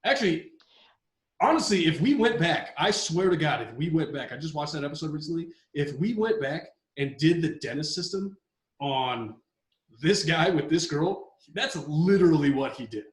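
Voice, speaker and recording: Excitable high-voiced man ranting. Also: moderate pace, echoey room. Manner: excitable, ranting, swears a lot. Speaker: podcast co-host. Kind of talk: casual podcast chat.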